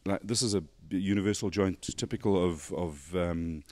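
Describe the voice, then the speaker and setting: A man's voice: sits low, normal speed, darkish tone, dry recording. A man hosting a motorsport show, chatting casually and joking as he gushes over a race car's details. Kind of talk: casual walkaround chat.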